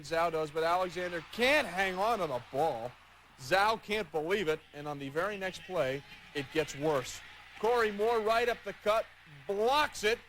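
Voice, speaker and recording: Man, sports anchor, wry, playful, slightly high voice. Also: a bit bright, a little hiss or hum. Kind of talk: highlights narration.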